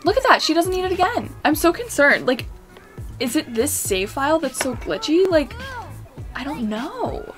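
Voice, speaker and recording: A young woman giving casual commentary on a life-sim game, excitable and anxious, talking to the characters on screen. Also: high voice, normal speed, soft background music. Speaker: gaming YouTuber.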